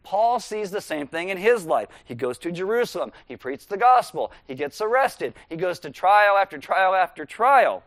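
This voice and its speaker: A male pastor preaching a sermon in a relaxed, conversational way, walking listeners through scripture verse by verse. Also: high-pitched, normal speed, few pauses, dry recording.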